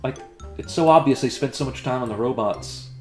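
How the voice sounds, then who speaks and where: A man's voice: medium pitch, brisk, a little mellow, echoey room, soft background music. A man in a comedy sketch, talking in a dry, sarcastic and critical way. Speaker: comedy video creator. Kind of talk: comedic self-debate sketch.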